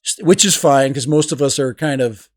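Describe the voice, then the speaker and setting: A man's voice: mid-range voice, normal speed, no echo. Guy running a home livestream, chatty, laughs a lot, dry close mic, little beat in the back. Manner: rambling, laughs often, talks to chat. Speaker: livestream host and teacher. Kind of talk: casual livestream chat reading comments. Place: home room. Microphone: desk microphone. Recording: dry close sound with music behind.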